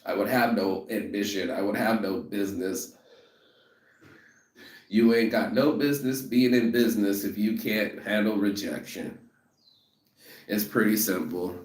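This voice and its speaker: A man's voice: on the low side, a little slow, long pauses, darkish tone. A man in a profane motivational rant about rejection, emphatic and repetitive, who says he is walking toward a train station. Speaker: vlogger. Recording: echoey, from a distance.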